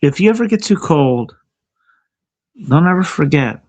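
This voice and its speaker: A man's voice: fairly high pitch, lively intonation, a little slow, a little mellow. A man livestreaming outdoors in the cold, ranting angrily and profanely at his chat and at himself.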